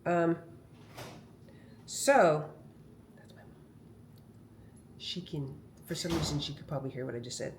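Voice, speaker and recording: Her voice sits low as she talks to her phone camera at home, keeping a measured pace and pausing often. She's a comedian delivering a casual, rambling vlog monologue full of animated storytelling, and there's a little hiss or hum.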